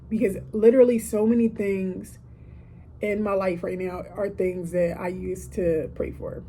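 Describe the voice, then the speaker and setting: Woman, 30s, mellow, casual gratitude monologue from a hotel room. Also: medium pitch, slight background noise. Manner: emotional, preachy, asides like "listen" and "okay". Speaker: podcaster.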